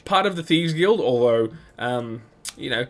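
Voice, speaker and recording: A man's voice: mid-range voice, animated, unhurried, fairly bright tone. A man hosting a let's play, giving chatty, rambling gameplay commentary full of restarts and laughs. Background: game music.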